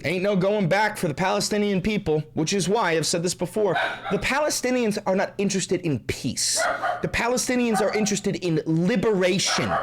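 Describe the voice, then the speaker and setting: A man hosting ranting political commentary, profane, angry and sarcastic, dropping to low asides and then shouting. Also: normal speed. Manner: swings between low asides and raised shouting.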